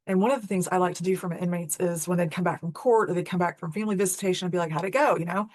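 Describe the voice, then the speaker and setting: A woman's voice: on the low side, fairly even intonation, very fast, a little mellow, no room sound. A woman hosting a spiritual talk, telling a personal story in an earnest, candid, conversational way. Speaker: host.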